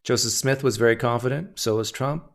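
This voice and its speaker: A man's voice: mid-range voice, a little fast. A man hosting a livestream call-in show, talking in a blunt, wry, conversational way. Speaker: livestream host taking callers. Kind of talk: casual call-in talk.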